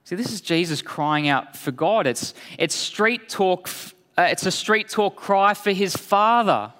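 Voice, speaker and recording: A man preaching a sermon in a slow, deliberate way, dropping low and quiet for solemn lines. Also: lively intonation. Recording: long hall reverb.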